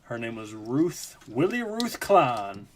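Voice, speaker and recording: A man's voice: medium pitch, very animated, slow, slight background noise. A man hosting a live stream, telling a rambling, profane story in a casual chat. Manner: rambling, profane, lots of fillers.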